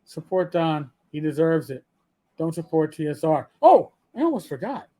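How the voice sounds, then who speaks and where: A man's voice: on the high side, very animated, normal speed, warm tone. A man hosting his own podcast, delivering an angry rant with frequent swearing and stammered restarts, repeating himself as he gets worked up. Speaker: channel host.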